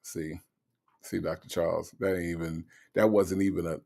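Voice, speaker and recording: A man's voice: low-pitched, level tone, moderate pace, vocal fry, darkish tone. A man hosting a livestream in casual chat, reading out viewer comments and teasing them playfully. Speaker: livestream host.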